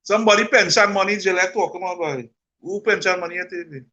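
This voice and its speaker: A man's voice: high voice, fast talker, pushed and bright, muffled recording. A man, co-hosting a casual chat, teasing and relaying listener questions. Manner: teasing, laughs a lot, passes on listener questions.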